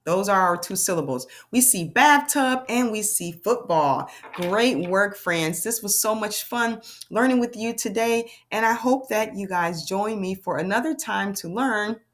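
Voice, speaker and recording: A woman teaching a children's phonics lesson, upbeat and sing-song, slowly sounding out and modeling words. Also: medium pitch, expressive, a bit bright. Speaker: reading teacher.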